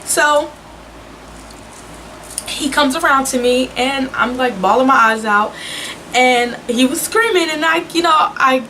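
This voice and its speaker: Young woman vlogger, chatty and animated, bright voice with a faint hiss behind. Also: high-pitched, measured pace, long pauses, low-quality recording. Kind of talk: casual storytelling.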